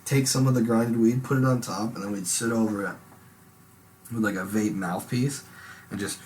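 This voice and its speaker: A young man with a very low voice tells a long, winding story in casual chat, swearing freely and slipping into loud, high impressions of himself. There is a faint hiss of noise behind him. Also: fairly even intonation, moderate pace. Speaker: podcast host.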